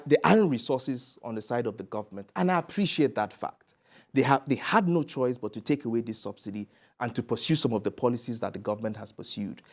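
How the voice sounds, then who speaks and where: A Nigerian commentator on a live news panel, making a measured, reasoned argument. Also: medium pitch, a little mellow.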